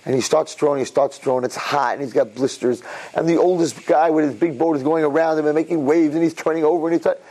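A man with a fairly high voice delivers an inspirational religious talk. He tells his parable with lively swings from hushed to excited. It sounds like a recorded message. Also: fast. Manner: animated storyteller, swings between low and excited. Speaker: Jewish religious speaker. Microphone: recorded tape message.

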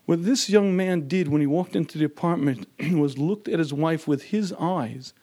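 A man lecturing on marriage who often clears his throat and acts out the people in his stories. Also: a little high, normal speed, darkish tone. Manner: frequent throat-clearing, acts out quoted voices. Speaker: marriage teacher.

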